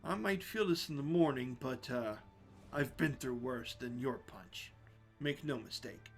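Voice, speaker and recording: A man voicing a calm, cryptic male goblin martial mentor in a tabletop game, speaking quietly and in a measured, knowing way. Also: medium pitch, faint music behind, voice pushed down, close to an everyday voice.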